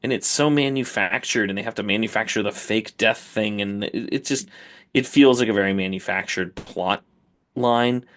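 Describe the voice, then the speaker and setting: A man's voice: on the low side, normal speed, a bit bright. A man co-hosting a podcast who argues his opinions emphatically in casual discussion. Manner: opinionated, emphatic, with repeated words. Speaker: podcast co-host.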